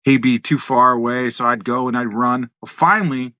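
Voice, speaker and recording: Man in his fifties telling animated stories. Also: mid-range voice, moderate pace, no room sound. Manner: animated storyteller, acts out voices, laughs, swears. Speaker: podcast guest, wrestler and musician. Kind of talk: casual storytelling. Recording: dull, slightly lo-fi, dry.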